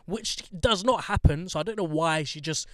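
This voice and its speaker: A man's voice: a little high, normal speed, pushed and bright, no room sound, studio quality. A man hosting a podcast, chatting in a blunt, joking, sweary way with lots of slang. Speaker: podcast host. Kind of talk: casual chat.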